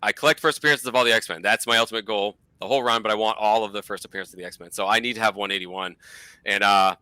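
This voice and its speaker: A man's voice: lowish voice, steady tone, fast talker, bright, forceful tone, clear, resonant tone, dry recording. A man with a Boston accent chatting casually as a guest, rambling and full of fillers. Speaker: guest collector. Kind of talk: casual chat.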